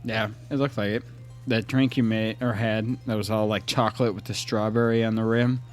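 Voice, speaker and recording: A man co-hosting a podcast in loud, joking, profane banter. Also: lowish voice, flat delivery, normal speed, faint music behind. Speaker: podcast co-host. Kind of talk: casual chat.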